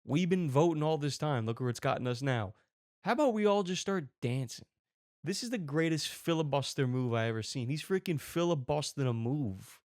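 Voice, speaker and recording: A man hosting a comedy reaction show, riffing excitedly on a video clip. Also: on the high side, fairly quick, no echo, clean studio sound. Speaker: comedy commentary host. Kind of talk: comic video reaction commentary.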